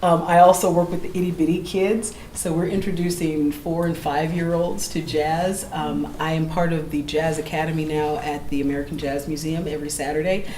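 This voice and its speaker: A middle-aged woman from Oakland, California, a jazz singer and teacher, telling lively stories between songs and acting out the voices of the people in them. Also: sits low, normal speed, few pauses. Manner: animated, acts out quoted voices, laughs easily. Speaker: jazz vocalist and educator. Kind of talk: storytelling between songs at a live gallery show. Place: gallery event space. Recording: roomy live room with ambient noise.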